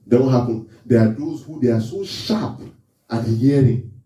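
Man preaching, lively swooping delivery, very dark mellow tone, echoey church hall, heard from some distance. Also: mid-range voice, moderate pace. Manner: animated, questioning the congregation. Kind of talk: sermon.

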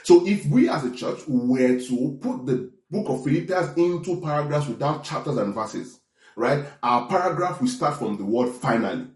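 A man's voice: on the high side, expressive, normal speed, darkish tone, echoey room. A man preaching a sermon, teaching in a conversational way with frequent check-ins and restarts. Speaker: pastor.

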